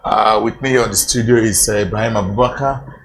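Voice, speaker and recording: A man with a Nigerian accent hosting a TV sports show in a studio, speaking haltingly with many fillers and repeated phrases. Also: lowish voice, steady tone, creaky, a bit bright, a little hiss or hum, poor audio. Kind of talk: studio discussion, casual.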